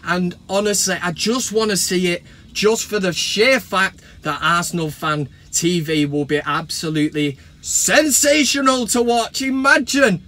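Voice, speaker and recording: An English man hosting a football fan vlog, talking to camera in an animated, sarcastic rant and swearing freely. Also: high voice, a little slow, hardly any pauses.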